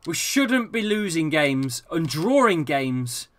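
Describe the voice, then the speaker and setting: A man giving live commentary on his own football video game, excitable and swearing often, dropping from low mutters to loud shouts. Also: takes it slowly. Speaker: gaming YouTuber.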